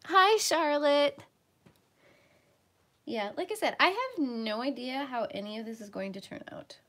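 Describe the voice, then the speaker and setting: A woman hosting a casual livestream from home while she colors. She chats along and sometimes drops into soft murmurs as she works. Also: high-pitched, animated, a little slow. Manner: chatty, drifts into soft murmurs while working. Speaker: livestream host.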